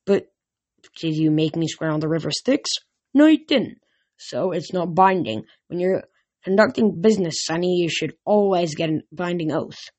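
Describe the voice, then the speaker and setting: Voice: medium pitch, lively intonation, normal speed, darkish tone, no echo, natural voice. Reader voicing a cruel, smug male rancher who talks down to everyone. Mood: condescending. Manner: oily, condescending.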